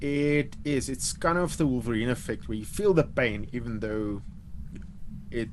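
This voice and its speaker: A man's voice: medium pitch, measured pace, slight background noise. Hesitant South African man playing a game. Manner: loose, hesitant, many fillers like "like". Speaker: player. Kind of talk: describing his character's actions in a tabletop game.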